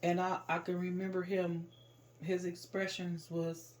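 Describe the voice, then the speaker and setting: A woman's voice: on the low side, little pitch movement, a little slow. Woman telling a raw personal story. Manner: raw and emotional, loud when reliving moments; informal, vernacular speech.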